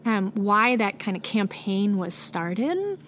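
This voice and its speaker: A woman lactation consultant, a podcast guest, explaining in a measured way and affirming often. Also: mid-range voice, big pitch swings, a bit bright, a little hiss or hum. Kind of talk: conversational interview.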